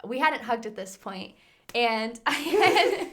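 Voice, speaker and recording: A young woman with a somewhat high-pitched voice co-hosts a casual podcast. She tells stories in an animated, giggly way, acting out the quoted dialogue as she goes. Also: slow. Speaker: podcast co-host. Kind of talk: casual storytelling.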